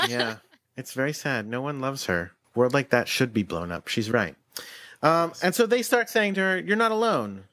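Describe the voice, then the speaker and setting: A man's voice: mid-range voice, big pitch swings, sharp tone. A man co-hosting a casual podcast chat, playful and joking as he recaps scenes. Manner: playful, retells scenes in quick silly voices. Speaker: podcast co-host.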